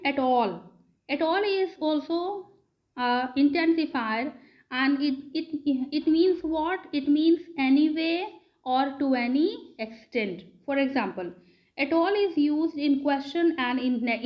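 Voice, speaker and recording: A woman gives a grammar lesson in a high voice. She speaks slowly and deliberately, repeating key words and quizzing her class as she goes. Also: dull audio. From India. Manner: slow, repeats words and asks the class questions. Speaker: English teacher.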